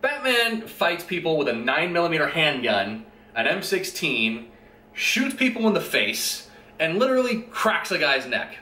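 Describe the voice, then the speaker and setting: A man's voice: a little high, sing-song, a little slow, sharp tone. A man giving a casual, rant-style movie review in an exasperated, profane and sarcastic way. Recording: roomy echo.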